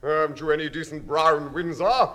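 An actor playing a blustering, bigoted English diner with a pompous, sneering manner in a comedy sketch. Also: male voice, fairly high pitch, steady tone, normal speed, a bit bright, lightly acted.

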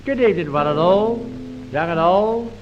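A man's voice: high-pitched, lively intonation, normal speed. A man voicing a pompous Cockney aquarium keeper lecturing in a repetitive, self-important way. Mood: pompous lecture. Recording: muffled old recording with faint music.

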